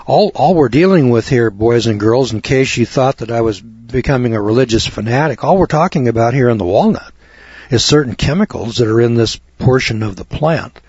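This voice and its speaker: Man, folksy lecturer, husky voice, dry dull lo-fi sound, emphatic with repeated words. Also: medium pitch, animated, fairly quick, a little mellow, no room sound. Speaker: health lecturer. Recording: dull lo-fi recording.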